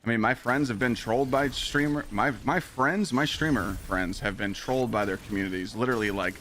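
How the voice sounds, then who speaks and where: A man streaming live, telling a story in a casual, profane and animated way. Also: mid-range voice, brisk, slight background noise.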